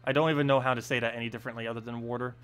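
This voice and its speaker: A man's voice: mid-range voice, rapid-fire, clean tone. Easygoing male game streamer thinking aloud. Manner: relaxed thinking aloud with filler words. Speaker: gaming live streamer. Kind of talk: casual gameplay commentary. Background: faint game music.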